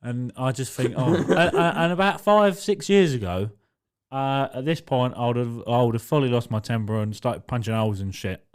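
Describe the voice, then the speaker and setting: A man's voice: medium pitch, normal speed, clean tone. A young man co-hosting a podcast, telling a story in casual chat, swearing a lot and laughing as he goes. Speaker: podcast co-host.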